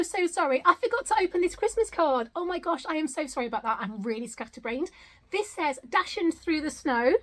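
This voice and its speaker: A middle-aged woman from the UK chats through a casual home unboxing vlog in a high, light voice. She gushes and exclaims over each gift, thanking viewers again and again. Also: a bit bright. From United Kingdom. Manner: gushing, grateful, repeatedly exclaiming. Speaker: vlogger. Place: home, indoors.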